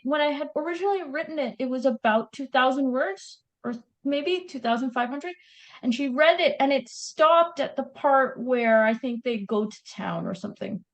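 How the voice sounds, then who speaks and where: High-voiced Canadian woman, chatty author. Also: normal speed, lo-fi sound. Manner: chatty, animated storytelling. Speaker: guest author. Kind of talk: casual interview chat.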